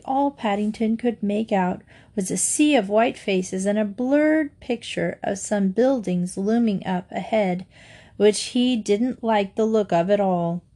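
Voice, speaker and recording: A woman's voice: mid-range voice, unhurried. Woman reading a children's story aloud. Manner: gentle, steady storytelling. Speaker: storybook reader.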